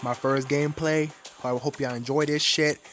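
A man's voice: fairly high pitch, steady tone, moderate pace, fairly bright tone, slight background noise. A man giving casual, profane, self-mocking commentary while playing a shooter game. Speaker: gameplay commentator.

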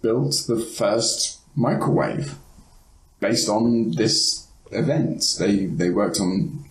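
A man's voice: lowish voice, slow pace, echoey room, rough recording. A man on a podcast panel, chatting casually, often repeating words as he starts a thought and swearing now and then. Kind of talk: casual chat.

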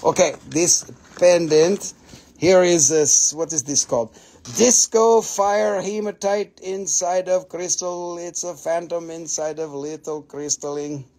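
An excitable man hosts a live crystal sales stream, gushing over each piece and swearing freely. His voice sits fairly high for a man. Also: slow.

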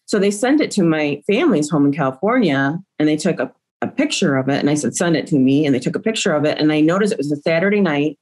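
A woman's voice: sits low, animated, quick pace, darkish tone. A middle-aged woman, a grieving mother, recounting events in an interview with emotion and acting out quoted dialogue.

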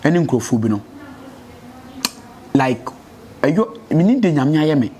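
A man's voice: a little high, sing-song, takes it slowly, mellow, a little hiss or hum. A Ghanaian man giving a street interview in Twi and English, earnest and preachy about faith and change.

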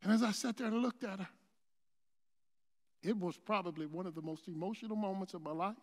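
A man preaching a sermon, telling a personal story in a loose conversational way and building to shouted peaks. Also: high-pitched, brisk. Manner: conversational storytelling with many restarts. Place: church sanctuary. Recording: long hall reverb.

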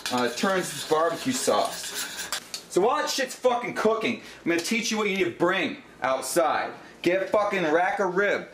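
A young man hosting a crude comedic cooking demo, swearing constantly as he gives brash instructions. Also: sits high. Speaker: cooking show host. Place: kitchen and backyard grill. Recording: echoey home video with background noise.

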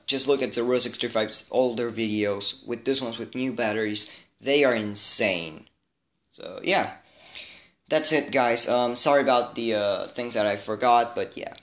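A man's voice: mid-range voice, pushed and bright. A man making a casual video, chatting straight to his viewers as he shows off toy robots in a rambling way. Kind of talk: casual show-and-tell to camera.

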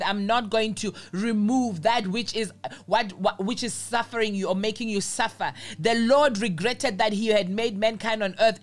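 A woman preaching a sermon in an earnest manner, repeating phrases for emphasis. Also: on the high side.

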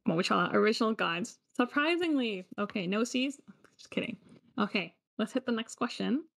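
Creaky, unhurried and animated, a woman's voice on the high side hosts a live online quiz lesson over background music. She teases the players, cracks jokes, and code-switches between English and Cantonese in a Cantonese accent.

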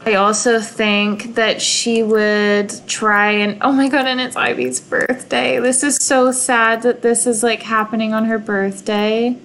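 Young woman, video game creator, slightly high voice, slow and emotional, casual play-along commentary, faint background noise. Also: level tone, a bit bright, low-quality recording. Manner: gushing and emotional, sighing over sad moments.

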